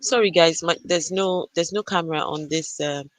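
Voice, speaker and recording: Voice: mid-range voice, moderate pace, dry recording, rough recording. An adult parent hosting a casual live stream from a gaming arena computer, chatting and greeting viewers by name. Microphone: arcade computer, no camera.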